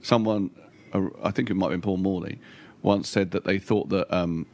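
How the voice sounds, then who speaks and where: Guest spot: a middle-aged man with a low voice, talking loosely and rambling. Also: fairly even intonation, moderate pace, darkish tone. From London. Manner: rambling, swears, frequent restarts. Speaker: guest comedian. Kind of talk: casual chat.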